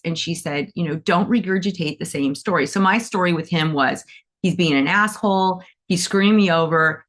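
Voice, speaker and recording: Chatty woman with a lowish voice. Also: a bit bright. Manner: chatty, storytelling, acts out voices in quotes. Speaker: animal Reiki teacher. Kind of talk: casual talk to students.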